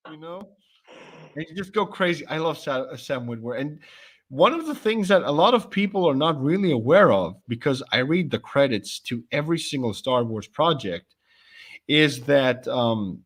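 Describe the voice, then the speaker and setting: Man in a relaxed stream chat, eager and a bit profane. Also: a little high, normal speed. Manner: enthusiastic, profane fan talk. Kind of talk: casual chat.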